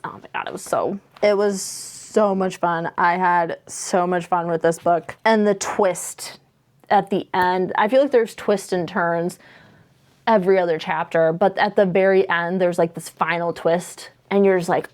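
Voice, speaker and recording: A woman's voice: lowish voice, fairly even intonation, normal speed, a little mellow. Bubbly woman gushing about books. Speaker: book vlogger. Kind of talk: casual chat.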